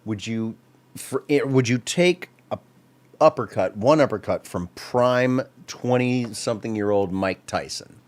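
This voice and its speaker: A man's voice: mid-range voice, unhurried. A man chatting casually and joking at himself while he plays a video game. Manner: chatty, jokey, self-mocking. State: playing a tipsy character. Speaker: gaming streamer. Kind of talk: casual gameplay commentary.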